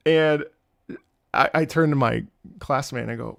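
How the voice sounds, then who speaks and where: Reacting to game music on his livestream, the young man animatedly narrates stories for his chat, laughing frequently and imitating the people he quotes. He speaks fairly quickly in a creaky voice on the high side, pausing often. The recording is dry and studio quality.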